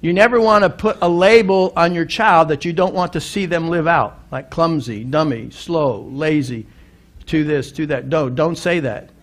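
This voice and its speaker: A man's voice: on the high side, moderate pace. A middle-aged male pastor preaching a sermon, telling a story earnestly and building to emphatic appeals, often restarting and repeating words.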